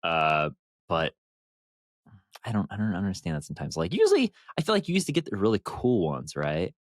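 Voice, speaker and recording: A man's voice: low voice, a little fast, no echo, clean studio sound. A man co-hosting a podcast in casual chat, telling long rambling stories with the odd swear word. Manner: rambling, animated storytelling with swearing. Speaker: podcast co-host.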